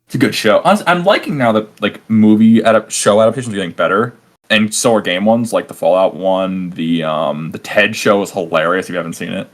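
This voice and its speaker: A man's voice: on the low side, a little fast. A man hosting a casual gaming podcast, talking animatedly, swearing freely and laughing often. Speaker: podcast host.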